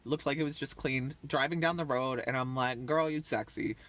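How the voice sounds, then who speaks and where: A man's voice: mid-range voice, fairly even intonation, a little fast, bright, forceful tone. A man in his thirties rambling casually on a livestream, chatty and full of fillers, often trailing off. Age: 30s. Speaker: livestream host.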